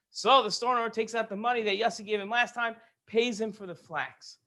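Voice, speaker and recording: High-voiced man telling a kids' story. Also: fast talker, hardly any pauses. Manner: lively, explaining as he goes. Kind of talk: storytelling for children.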